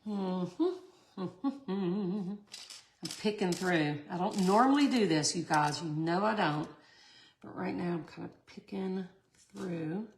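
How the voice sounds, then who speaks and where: Speaking on the low side and at an unhurried pace, this resin art host is a middle-aged woman running a relaxed craft lesson. She chats, laughs a lot, and addresses her viewers directly, with a little hiss or hum in the audio.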